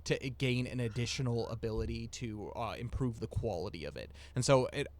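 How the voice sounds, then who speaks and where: A man as game master, narrating a tabletop game and explaining the rules in a halting, thinking-aloud way. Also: medium pitch.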